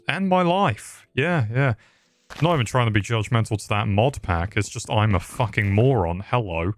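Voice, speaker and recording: A young man doing casual, crude Minecraft commentary, rambling with dark jokes and heavy swearing. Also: mid-range voice. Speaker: gaming YouTuber.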